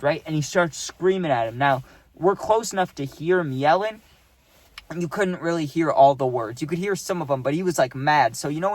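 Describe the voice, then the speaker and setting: A young man casually telling a storytime, rambling and dropping "right?" and "dude" as he goes, acting out quotes in animated voices. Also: on the high side, no room sound.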